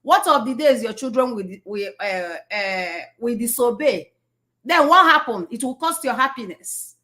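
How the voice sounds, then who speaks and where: A woman's voice: on the high side, lively intonation, a little slow, bright, forceful tone. A woman giving an inspirational talk, repeating phrases for emphasis and asking rhetorical questions. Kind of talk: slow, preachy motivational talk.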